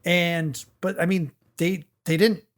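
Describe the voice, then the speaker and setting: A man's voice: a little high, fairly even intonation, slow pace. A man co-hosting a gaming podcast, chatting earnestly and chiming in with short words. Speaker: podcast co-host. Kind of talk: casual chat.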